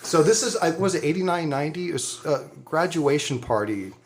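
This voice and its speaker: Animated, swearing storyteller man. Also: a little high, fairly quick, a little hiss or hum. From Southern California. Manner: animated, laughs often, swears freely. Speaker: podcast co-host. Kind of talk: casual storytelling.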